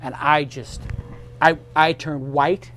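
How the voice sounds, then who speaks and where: A man's voice: a little high, flat delivery, slow pace, fairly bright tone, slight background noise. A man from New York hosting a talk show, telling a personal story in an earnest, emotional way with frequent restarts. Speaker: host. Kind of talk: casual chat.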